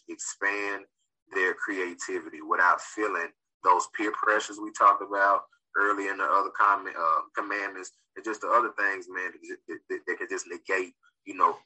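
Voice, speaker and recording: Very deep, husky-voiced man. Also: bright, forceful tone, poor audio. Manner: emphatic, earnest commentary. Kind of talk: casual group podcast chat.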